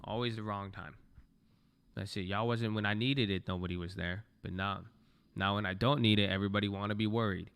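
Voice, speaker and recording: Brief: young male livestream trader, gravelly edge, bright tone, blunt and profane, casual talk to viewers at his desk. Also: lowish voice, steady tone, fairly quick. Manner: blunt, swears, talks to chat.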